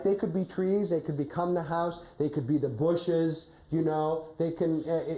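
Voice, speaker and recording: A woman with a fairly low, warm voice coaches a drama class through rehearsing a play. She gives instructions and keeps asking "right?", and the recording has classroom echo and faint noise.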